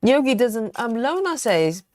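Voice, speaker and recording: A woman's voice: a little high, big pitch swings, measured pace, darkish tone, dry recording. A woman hosting a casual cross-stitch livestream, chatty and giggly, snacking on chocolate and reading out viewer comments. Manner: snacks on chocolate while talking. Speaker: livestream host. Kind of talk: casual live-stream chat while cross-stitching.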